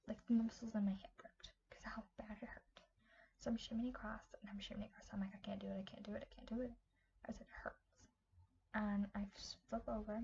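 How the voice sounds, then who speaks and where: A young woman vlogger telling a long personal story in rambling casual chat, full of "like" and "I'm like", often dropping into a hushed, breathy whisper. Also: mid-range voice, highs cut off, a little hiss or hum.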